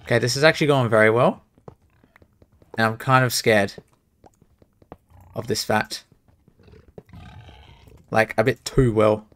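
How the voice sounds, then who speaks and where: A man's voice: mid-range voice, fairly even intonation, measured pace, pauses often, fairly bright tone. A young man streaming, talking to himself as he plays a speedrun, muttering and exclaiming at the game. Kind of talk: live commentary while speedrunning a game.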